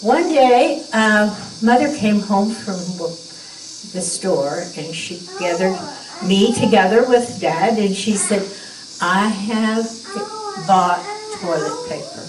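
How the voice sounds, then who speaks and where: An older woman telling a humorous childhood story in a folksy, animated way at a church gathering. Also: medium pitch, slow, background noise. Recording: roomy, distant mic.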